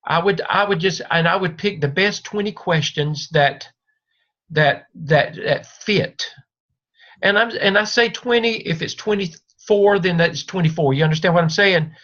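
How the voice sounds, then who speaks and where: A man's voice: high-pitched, unhurried, fairly bright tone. Man coaching a student over a video call. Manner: reassuring, repetitive, coaching. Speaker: doctoral advisor. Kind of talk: one-on-one video call mentoring. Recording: dull lo-fi video call audio.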